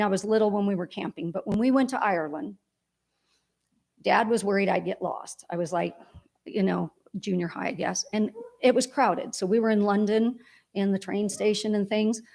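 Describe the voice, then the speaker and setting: Woman doing a eulogy in church, bit of fry in her voice, heartfelt and rambly. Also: mid-range voice, darkish tone. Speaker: daughter giving a eulogy. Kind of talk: personal eulogy at a memorial service.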